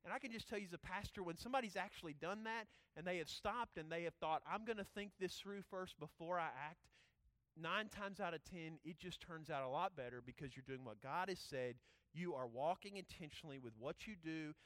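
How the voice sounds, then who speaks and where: Male pastor, emphatic preaching with hushed asides, higher voice, dry sound. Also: a little fast, dry recording. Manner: emphatic, swings from loud urging to hushed asides. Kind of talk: sermon.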